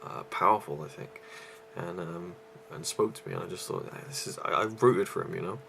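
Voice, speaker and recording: Casual male vlogger reviewing a film: low, gravelly, short of breath, rambling delivery. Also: brisk, pushed and bright, a little hiss or hum. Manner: rambling, with many fillers and restarts. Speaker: YouTube movie reviewer.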